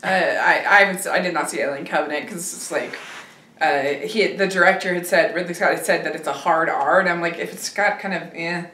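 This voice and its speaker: Woman, film review host, hesitant, lowish voice, echoey room, off-mic. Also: fairly even intonation, fairly quick, sharp tone. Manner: hesitant, many fillers and restarts. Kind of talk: casual film discussion. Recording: roomy, distant from the mic.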